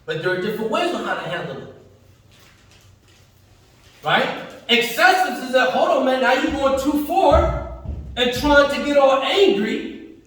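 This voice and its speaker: A Friday prayer preacher delivers his sermon in a mosque hall, his very high voice animated, unhurried, and a bit bright, with frequent pauses. He is emphatic and slangy, stopping to act out everyday voices. The echoey hall makes him sound far away.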